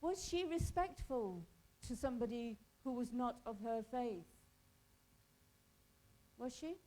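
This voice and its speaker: A woman's voice: fairly high pitch, lively intonation, takes it slowly, warm tone, rough recording. A woman from Pakistan teaching a hospital volunteer workshop, talking conversationally and quizzing the group in a training room.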